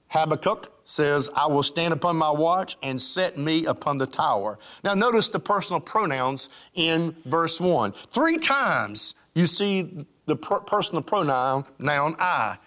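A man's voice: fairly high pitch, very animated, slow pace, fairly bright tone. A pastor preaching a sermon in a church, urging his congregation on and calling for their responses. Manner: exhorting, calls for congregation response. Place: church sanctuary.

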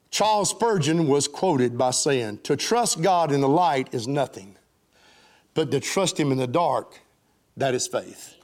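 A middle-aged man preaching a sermon, fervent, rising to loud highs and falling to soft lows. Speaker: pastor.

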